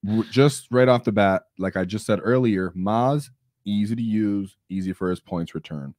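Young male stream host, low-pitched, energetic and opinionated, dry close mic. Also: normal speed, dry recording. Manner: energetic, opinionated, hypes things up and acts out quotes. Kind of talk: casual live-stream chat about tabletop gaming.

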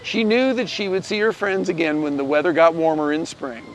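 A man reading a children's picture book aloud, gently telling the story and shifting his voice a little for each character. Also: a little high, brisk, slight background noise. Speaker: storybook reader.

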